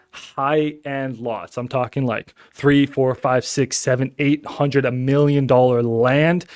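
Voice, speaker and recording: A man, running a casual live stream from his home office and chatting excitedly with viewers. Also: mid-range voice, no echo. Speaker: wholesaler hosting a live stream. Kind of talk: casual live-stream chat and phone call.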